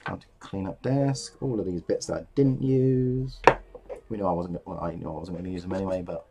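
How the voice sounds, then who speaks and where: A man's voice: low-pitched, fairly even intonation, brisk, noisy background. A man giving a casual running commentary while crafting at his desk, rambling, joking and swearing under his breath. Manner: rambling, jokey, swears and mutters to himself. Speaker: miniature painting hobbyist.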